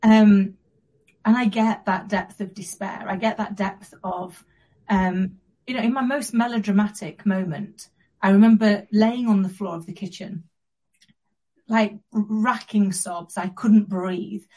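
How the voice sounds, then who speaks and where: Earnest woman guest with a warm, raspy tone, speaking reflectively. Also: medium pitch, fairly even intonation, rough recording. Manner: earnest and reflective, with soft pauses. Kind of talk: personal story in an interview.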